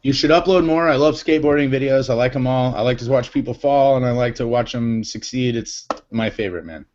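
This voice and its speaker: A man's voice: mid-range voice, fairly quick, darkish tone. Guy hosting a video call hangout, jokey, laughs a lot, kinda dull lo-fi audio w faint hiss. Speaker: show host. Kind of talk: casual group chat on a video call.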